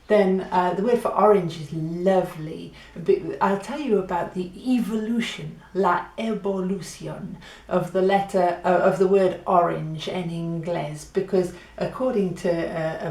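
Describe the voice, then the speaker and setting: A woman teaching a playful Spanish lesson, acting out silly laughs and animal noises as she demonstrates sounds. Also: lowish voice. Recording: echoey room.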